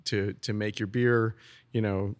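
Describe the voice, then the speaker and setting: A man's voice: on the low side, level tone, unhurried. A man who is a brewer, explaining his brewing process in casual podcast talk, often restarting and repeating words.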